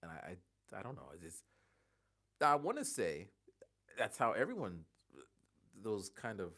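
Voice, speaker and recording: A man in his forties chatting casually on a livestream, rambling and halting, thinking aloud with many restarts. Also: fairly low pitch, wildly swooping pitch, bright, forceful tone. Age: 40s.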